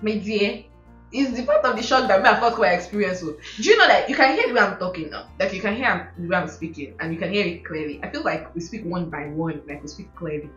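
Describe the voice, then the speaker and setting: A woman's voice: medium pitch, quick pace. A young woman telling stories in casual chat, laughing often and mimicking how others talk. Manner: expressive storyteller, mimics accents, laughs often. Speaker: guest, host's sister. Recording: roomy, dull sound with faint music.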